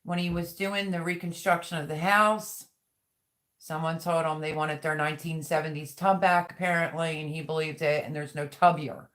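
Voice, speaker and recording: A woman with a low, fairly bright voice hosts a casual live stream at normal speed, her intonation fairly even. She greets viewers by name and chats while going through their comments.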